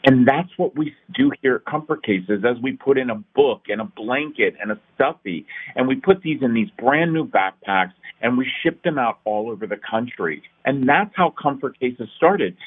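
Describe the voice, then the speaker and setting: Slightly rough and medium in pitch, a middle-aged man's voice comes through a tinny, phone-like line. He founded a nonprofit and tells his story in an interview with earnest, emphatic passion, building to rousing peaks.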